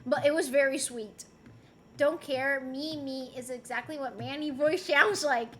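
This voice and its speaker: A woman's voice: high voice, measured pace, slight background noise. A young woman from Rico, chatting casually and playfully on a livestream as she reads and answers chat messages. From Puerto Rico. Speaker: streamer.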